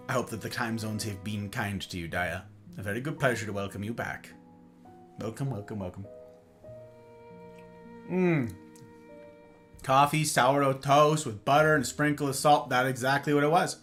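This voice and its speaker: A man hosting a casual livestream chat, greeting viewers by name with playful, animated asides. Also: mid-range voice, moderate pace, pauses often, faint music behind. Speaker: livestream host.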